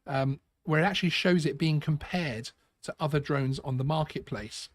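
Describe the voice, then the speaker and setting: A man's voice: fairly high pitch, no echo. A man hosting a live stream, talking casually with many restarts and a sarcastic edge. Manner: halting, repeats words, sarcastic. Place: home studio.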